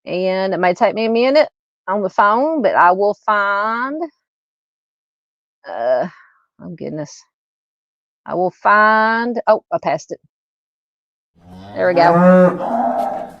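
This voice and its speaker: A woman's voice: mid-range voice, lively intonation, takes it slowly, long pauses, no room sound, muffled recording. A woman hosting a true crime livestream, chatting with viewers by name and laughing at her own fumbles before reading a case. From Southern United States.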